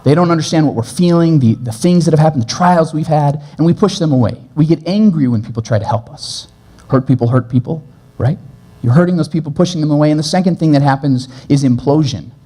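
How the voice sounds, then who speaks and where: Earnest male pastor with a mellow voice. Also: a little high. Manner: earnest, shifts between brisk and slow gentle delivery. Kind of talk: sermon. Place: church.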